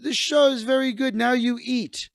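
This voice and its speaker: A man's voice: extremely high pitch, fairly even intonation, moderate pace, creaky, no room sound, voice pushed up. This is a hospitable Mexican father in his fifties who won't let his guest leave without eating, as a man puts him on. He speaks broken English with a put-on Mexican Spanish accent, pressing and generous by turns. The sound is close and dry. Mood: insistent.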